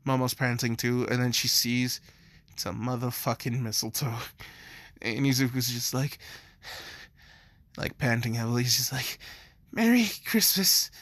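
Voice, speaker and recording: A young man telling a fan story in a rambling, casual way at a middle pitch. He's recorded close up and dry, with no room sound. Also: little pitch movement, moderate pace, long pauses, a bit bright, no echo. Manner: rambling, filler-heavy.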